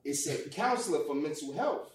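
Animated man telling a story, off-mic. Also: a little high, moderate pace, roomy sound, recorded from a distance. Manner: animated, profane, acts out quotes loudly. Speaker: guest. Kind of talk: casual storytelling.

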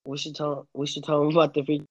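A man's voice: on the high side, monotone, fast talker, low-quality recording. A young man hosting a casual podcast chat, rambling and laughing with many restarts. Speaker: podcast host.

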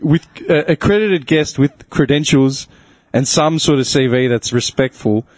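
A man's voice: fairly high pitch, a little slow, no echo. A man hosting a podcast in casual chat, laughing often, swearing and rambling through restarts. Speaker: podcast host. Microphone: studio mic.

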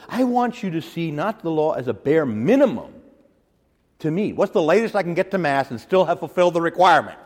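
A man preaching a teaching sermon as a priest, animated, acting out quotes with sudden loud, high bursts. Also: a little fast, big-room sound.

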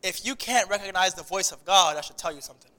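High bright-voiced male preacher. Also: fast, in a large hall. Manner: animated preaching with many restarts. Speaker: pastor. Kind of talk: sermon.

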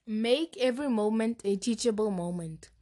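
A woman's voice: on the high side, moderate pace, dark tone. Young woman, easy-laughing co-host. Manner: reads list points aloud, laughs easily. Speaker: podcast co-host. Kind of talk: casual chat.

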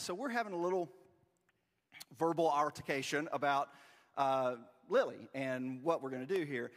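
A man in his forties preaching a sermon, telling a self-deprecating story in a lively, storytelling manner. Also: a little high, moderate pace, in a large hall. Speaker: pastor. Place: church sanctuary.

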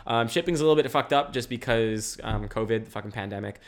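Talking fast in a mid-range voice, a young man runs a laid-back solo podcast from his home. He captures it on a camera mic and keeps rambling, restarting sentences and cursing along the way.

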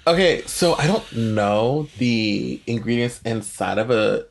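A man's voice: mid-range voice, animated, takes it slowly, creaky. A man co-hosting a casual chat, asking curious questions with lots of hesitant fillers. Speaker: podcast co-host.

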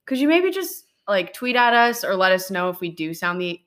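A young woman chats playfully as a podcast host, her pitch swinging widely. She sits on the floor at home, and the home-made audio is a little rough. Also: sing-song, normal speed, fairly bright tone. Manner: giggly, playful, chatty. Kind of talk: casual chat. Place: sitting on the floor in a house.

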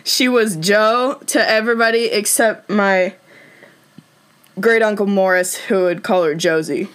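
A woman's voice: medium pitch, measured pace, fairly bright tone, clean tone. Woman cohosting a movie podcast, chatty, laughs a lot, kinda trails off. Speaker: podcast co-host. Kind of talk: casual chat reviewing a movie.

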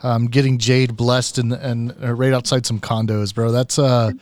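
A man's voice: medium pitch, flat delivery, moderate pace, darkish tone, dry recording. A man hosting a casual interview, laid-back and chummy, calling his guest "bro". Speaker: podcast host.

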